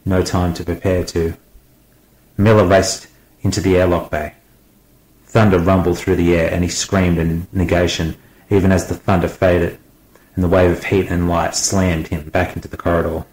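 Brief: male audiobook narrator, deep and steady, dramatic delivery, echoey room. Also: normal speed.

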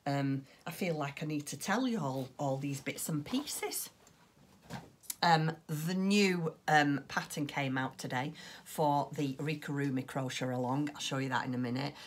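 A woman's voice: deep voice, unhurried, a little hiss or hum. A woman chatting casually on her craft podcast, rambling along with plenty of ums. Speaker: crochet and knitting podcaster.

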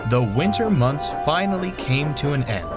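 A man reading a children's story as narrator, expressive and scripted. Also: fairly high pitch, moderate pace, over loud music.

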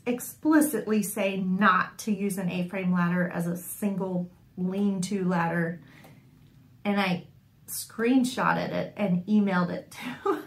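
Woman vlogger, wry storyteller, slow easy delivery, echoey room. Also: medium pitch. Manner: wry and animated, often laughing. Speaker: sewing vlogger. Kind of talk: casual storytelling to camera.

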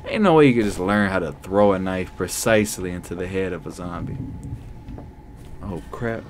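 A young man giving let's play commentary, loud and excitable, talking back to the characters on screen. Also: low voice, normal speed, slight background noise. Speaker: gaming YouTuber.

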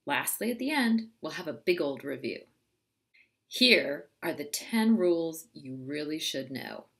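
A middle-aged woman, a writing teacher, narrating a scripted grammar lesson in a clear, teacherly way. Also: deep voice, unhurried. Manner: clear, expressive teacherly delivery.

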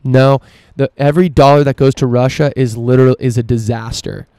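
Man, podcast host, profane emphatic monologue, smooth voice, dry close sound. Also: mid-range voice, fairly even intonation, brisk, darkish tone, no room sound. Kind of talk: solo opinion podcast monologue.

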